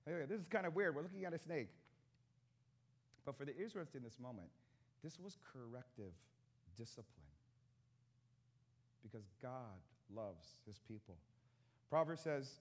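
Male pastor, 30s, lively sermon voice with big pitch swings, chatty and joking with the crowd. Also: normal speed, pauses often. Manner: conversational, joking with the congregation.

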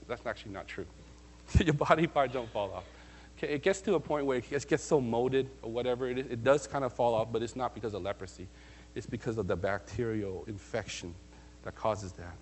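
A man preaching a sermon in a lively, conversational way, often asking his listeners questions. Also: mid-range voice, slight background noise. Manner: animated, conversational, asks the congregation questions. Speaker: pastor.

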